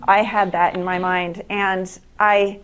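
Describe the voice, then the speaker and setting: A middle-aged woman giving an earnest talk to an audience, telling true stories in a halting way with many restarts. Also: medium pitch, flat delivery, a bit bright, clear, resonant tone, muffled recording.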